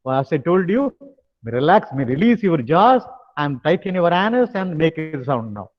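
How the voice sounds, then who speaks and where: An older man with a Tamil accent leading a stress management lecture, tagging phrases with "now" and pausing on hesitant fillers. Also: on the high side, big pitch swings. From India. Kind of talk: lecture with guided exercises. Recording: dull sound with long hall reverb.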